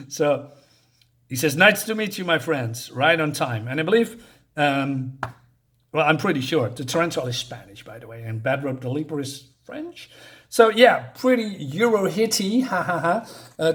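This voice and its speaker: Chatty man reviewing comics, higher voice. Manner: chatty, chuckles at his own jokes, many fillers. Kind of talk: casual spoken review.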